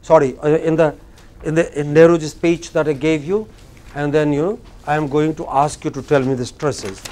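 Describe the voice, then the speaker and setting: A man with an Indian English accent teaching a classroom lecture, slow and deliberate, often putting questions to the class. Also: on the high side, steady tone, a little mellow.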